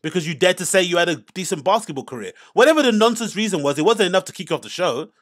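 A man's voice: high-pitched, lively intonation, very fast. A man hosting a casual commentary, reacting to podcast clips in an exasperated, sarcastic rant.

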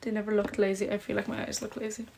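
A woman's voice: mid-range voice, level tone, quick pace, creaky, darkish tone, a little hiss or hum. Young woman, phone livestream, casual chat, reads comments aloud, self-conscious, filler-heavy. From Ireland, Polish parents. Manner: chatty, self-conscious, lots of "like". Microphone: phone camera.

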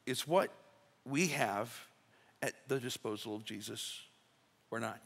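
A man's voice: medium pitch, a little slow, slightly rough. A male pastor preaching a sermon in a folksy, conversational way, acting out little quotes. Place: church sanctuary. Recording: reverberant church sanctuary.

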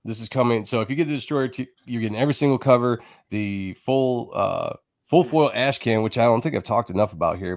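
A man hosting a casual live stream, talking loosely with many fillers while he pitches his project. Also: a little mellow, no echo, studio quality. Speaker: host. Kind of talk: casual chat and product pitch.

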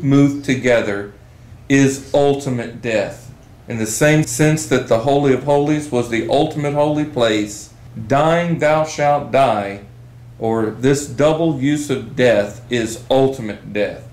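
A man teaching a Bible study session, reading scripture aloud slowly and with emphasis. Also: mid-range voice, a little mellow, echoey room, rough recording.

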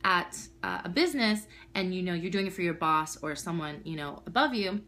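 Young woman gushing over an unboxing on her vlog, bubbly and chatty, lots of excited exclamations. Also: on the low side, a little fast. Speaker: vlogger.

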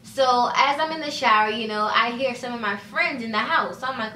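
A woman's voice: fairly high pitch, brisk, bright, forceful tone, recorded from a distance, slight background noise. A young woman telling a casual storytime vlog, chatty and full of "like" and "you know," acting out the dialogue as she goes. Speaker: vlogger. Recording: echoey room, voice set back from mic.

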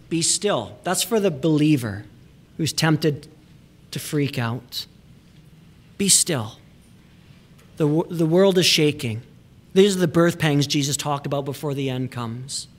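A man pastor preaching a sermon in a church, emphatic, sometimes dropping to hushed asides and repeating words for emphasis. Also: a little high. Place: church sanctuary.

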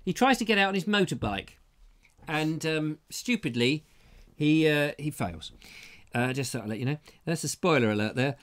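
A man's voice: fairly high pitch, animated, moderate pace, fairly bright tone. Middle-aged male host, jokey rambling live-stream banter. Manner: jokey, rambling, reads viewer comments aloud. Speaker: host of a live online show. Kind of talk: casual live-stream chat.

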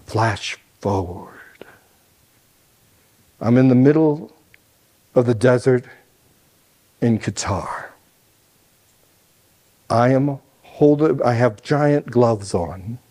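A man performing a dramatic personal story on stage, a literacy professor who swings between loud and hushed. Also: medium pitch, extremely slow, long pauses. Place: lecture hall stage.

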